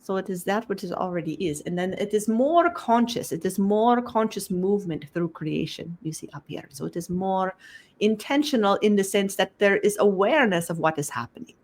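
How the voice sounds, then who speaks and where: A woman's voice: mid-range voice, lively intonation, a little mellow. A woman delivers a channeled spiritual talk in a mid-range voice, speaking as a collective. She hesitates and repeats words while feeling for the next one, and drops the same tag question after nearly every phrase. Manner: halting, repeats words as she searches for them.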